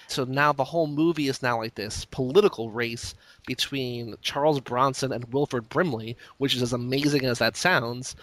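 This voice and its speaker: A man hosting a casual movie discussion, animated, full of "like" and rising when excited. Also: dry recording. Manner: animated, lots of "like", rises in pitch when excited. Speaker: podcast host.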